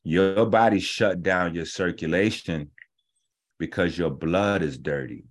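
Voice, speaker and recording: A man hosting a health show, lecturing bluntly and profanely in a casual rant, slowing down to explain points step by step. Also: low voice. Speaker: host of a natural health show. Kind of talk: ranting casual commentary.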